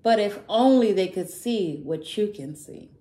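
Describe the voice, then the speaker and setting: A woman narrating a children's picture book aloud in a gentle, expressive way. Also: mid-range voice, unhurried, reverberant, slight background noise. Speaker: children's storyteller.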